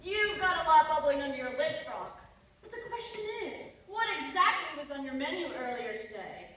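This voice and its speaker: A woman's voice: sits high, sing-song, normal speed, a bit bright. A woman playing a detective who needles her suspect with wry puns. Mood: needling. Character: punning sharp detective woman. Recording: echoey room, distant mic, faint noise.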